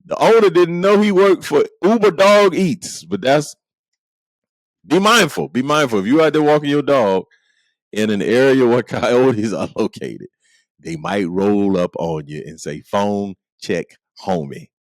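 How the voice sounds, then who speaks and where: In a dry recording, a middle-aged podcast host with a mid-range voice speaks in an animated but unhurried way. He jokes his way through a comedic monologue full of playful asides and frequent laughter.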